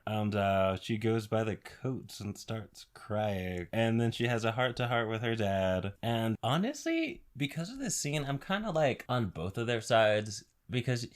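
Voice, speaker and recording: A man with a fairly low voice talks through a movie plot in a loose, chatty way. He rambles, repeats himself and fills gaps with fillers as he recaps the story for his viewers. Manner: rambling, chatty, full of fillers and quoted dialogue. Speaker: reviewer. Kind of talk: casual movie recap voice-over. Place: home, over a speedpaint video.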